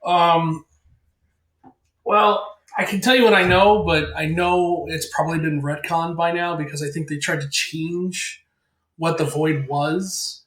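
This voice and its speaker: A man's voice: on the high side, fairly even intonation, measured pace, a bit bright. A man co-hosting a podcast, explaining comic history in a thoughtful, hedging way. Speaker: podcast co-host. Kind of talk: casual chat. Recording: roomy echo.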